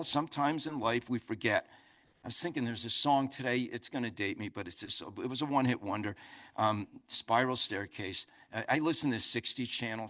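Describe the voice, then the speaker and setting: An older man with a New Jersey accent giving a motivational speech, a loud and talkative storyteller. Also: mid-range voice. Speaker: keynote speaker. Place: conference center.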